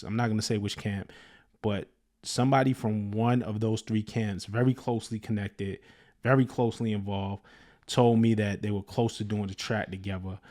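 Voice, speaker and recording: A man's voice: medium pitch, darkish tone. A man hosting a casual reaction show, talking through rap lyrics in a conversational way with frequent fillers. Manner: conversational, many fillers, reads lyrics aloud and explains them. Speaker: host, music commentator.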